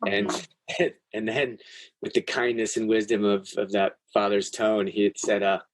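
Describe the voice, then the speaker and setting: A man's voice: on the low side, little pitch movement, a little slow, no room sound. A man guest on a podcast, earnestly and intensely telling a personal story in casual chat, with restarts and the odd swear word.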